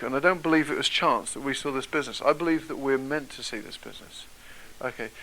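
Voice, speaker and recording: A man's voice: on the high side, sharp tone, slight background noise, low-quality recording. A British man giving a motivational talk to an audience, telling a personal story in a conversational way and putting questions to his listeners. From Britain. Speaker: motivational speaker.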